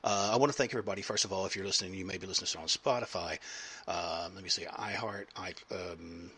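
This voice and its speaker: A man with a lowish, husky voice that still sounds bright and forceful. He hosts a podcast interview in a loose, rambling, jokey way. His talk is full of fillers. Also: fast. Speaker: podcast host.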